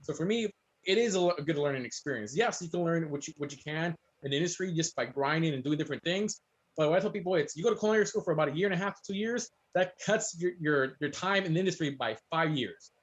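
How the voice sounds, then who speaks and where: A man, a guest chef, telling stories in casual chat and acting out quoted voices. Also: on the high side. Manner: fast, storytelling, animated quotes.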